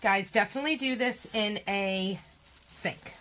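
A woman's voice: medium pitch, measured pace, fairly bright tone, slight background noise. A woman chatting through a home craft demo, chatty and self-deprecating, often exclaiming. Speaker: craft vlogger.

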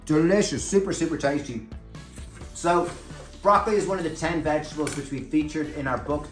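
A man's voice: fairly high pitch, fairly quick, reverberant, faint music behind. A man hosting a cooking show, walking through a recipe step by step in an upbeat, chatty way. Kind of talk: cooking demonstration. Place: kitchen.

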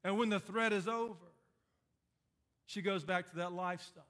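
A man's voice: high voice, steady tone, normal speed, fairly bright tone. A man preaching a sermon as pastor, building points through emphatic repetition and dry sarcasm.

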